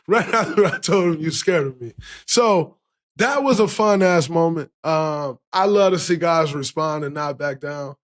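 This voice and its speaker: Animated man telling a profane story. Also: a little high, measured pace. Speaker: podcast host. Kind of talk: casual storytelling.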